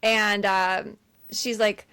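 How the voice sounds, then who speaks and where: A woman with a mid-range voice speaks very slowly over a crowd in the background. She's a mother co-hosting a film podcast, chatting casually and animatedly retelling scenes, voicing the quoted lines herself.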